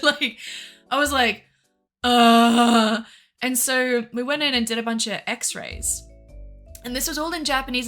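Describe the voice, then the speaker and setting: A woman's voice: a little high, pushed and bright. A woman streamer telling a story in casual chat, rambling with fillers and laughs.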